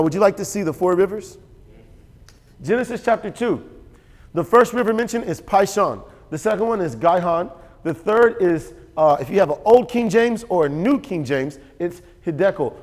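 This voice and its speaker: A man preaching a sermon as pastor, animated and storytelling. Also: on the high side. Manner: animated, storytelling with quoted voices and laughter. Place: church sanctuary. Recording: church hall with long reverb.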